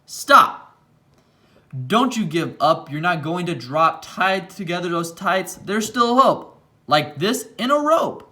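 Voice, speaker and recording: A man's voice: high-pitched, very animated, slow, sharp tone, voice pushed up, full character voice. A man voicing a determined young girl in a storybook, commanding and encouraging. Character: determined young girl rallying her toys.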